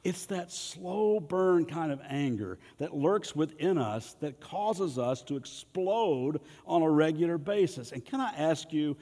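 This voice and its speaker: A man's voice: on the high side, mellow, big-room sound. A man preaching a sermon in a folksy, humorous way, asking the congregation to respond and speak along. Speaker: pastor.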